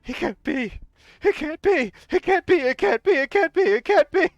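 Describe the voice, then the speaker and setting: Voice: animated, normal speed, no echo, highs cut off, soft background music. A streamer reading a game story aloud live and voicing a terrified old male bishop who stammers and begs. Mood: horrified. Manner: shrill frantic pleading and stammering.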